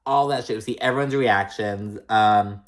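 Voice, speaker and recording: A man's voice: on the low side, moderate pace. A man casually recapping a reality TV episode in a gossipy, profane way, with lots of fillers.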